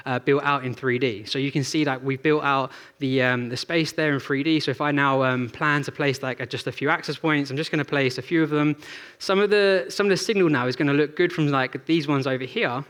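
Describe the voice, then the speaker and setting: A man's voice: medium pitch, a bit bright. A young man giving a chatty live presentation on a theatre stage, telling stories and running a demo with plenty of fillers and restarts. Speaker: presenter at a tech event.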